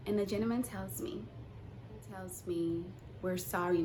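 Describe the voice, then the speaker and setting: Young woman vlogger, casual storytime, animated, acts out dialogue, soft hiss behind. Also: medium pitch, a little slow, long pauses. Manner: animated, acts out quotes, swings between hushed and loud.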